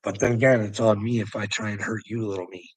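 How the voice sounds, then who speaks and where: A man's voice: lowish voice, flat delivery, fast, no room sound, poor audio. A man rambling through a solo monologue, mocking and profane, breaking into laughter between nearly every phrase. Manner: profane and taunting. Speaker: vlogger.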